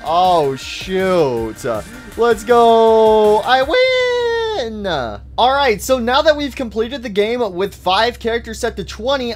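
Excitable high-voiced gaming man. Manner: excitable, talks to the game characters. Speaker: gaming YouTuber. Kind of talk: live let's-play commentary.

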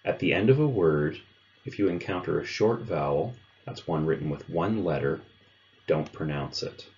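A man narrating a pronunciation lesson, explaining sounds in a clear, measured way. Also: a bass voice, animated, a little mellow, muffled recording. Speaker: language teacher. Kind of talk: instructional narration.

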